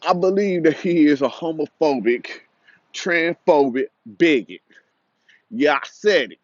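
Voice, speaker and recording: A man's voice: a little high, expressive, a little slow, no room sound, muffled recording. A young man delivering a heated, repetitive, confrontational commentary rant.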